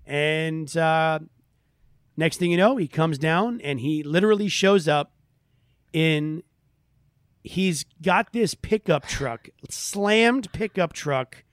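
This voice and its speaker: A man hosting a casual chat, telling a story in an animated way and acting out the voices of people he quotes. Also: fairly high pitch, slow, no echo, clean studio sound. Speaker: host.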